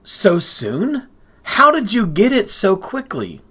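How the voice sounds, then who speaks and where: A man's voice: high voice, wildly swooping pitch, slow pace, bright, forceful tone, breathy edge, pitched above the performer's own voice, exaggerated voice. A man reading aloud and voicing an old blind father who questions anxiously in a raised voice. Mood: questioning.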